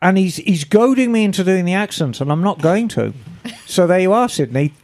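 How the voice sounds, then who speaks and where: A woman's voice: fairly low pitch, lively intonation, normal speed, a little mellow. Chatty woman co-hosting a motorcycle podcast. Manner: chatty, easygoing, casual swearing. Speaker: podcast co-host. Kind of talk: casual chat, reading listener emails.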